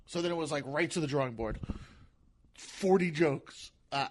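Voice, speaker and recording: A man with a fairly high, soft voice chats as a comedian guest on a podcast. He rambles, repeats words and keeps restarting his sentences. His voice sounds gentle rather than tough. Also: normal speed, a little hiss or hum. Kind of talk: casual podcast chat.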